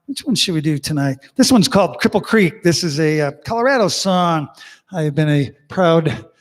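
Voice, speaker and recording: A man's voice: a little high, lively intonation, normal speed. An older man hosting a living room concert from his home, chatting and telling jokes between songs in a folksy way. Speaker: musician and host of an online living room concert. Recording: long reverb with banjo music behind.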